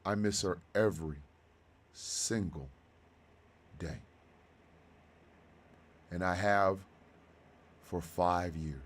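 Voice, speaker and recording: A man in his fifties hosting a radio show, talking slowly and with deep feeling about personal loss. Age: 50s. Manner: heartfelt, slow and halting, then bursts of loud excitement. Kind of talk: emotional monologue.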